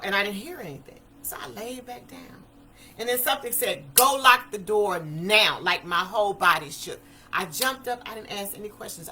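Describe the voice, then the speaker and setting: A woman in her fifties gives a personal testimony talk to an audience, telling her story vividly and emphatically in everyday vernacular. Her medium-pitched voice is bright and forceful, and the recording quality is low.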